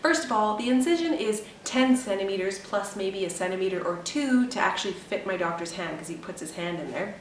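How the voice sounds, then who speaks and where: A young woman talks to her camera in a rambling, emotional way that often breaks into laughter. Her voice sits at a middle pitch and comes from a little away from the mic. The room gives it an echo, with a faint hum underneath. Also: lively intonation, a little fast, hardly any pauses, distant mic. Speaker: vlogger. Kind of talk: casual chat.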